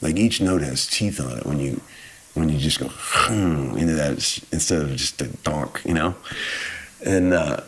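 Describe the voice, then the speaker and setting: A man's voice: a bass voice, unhurried, fairly bright tone, breathy edge. A man telling stories in a casual, laid-back way, rambling and often saying "man". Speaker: guest musician telling stories. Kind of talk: casual storytelling.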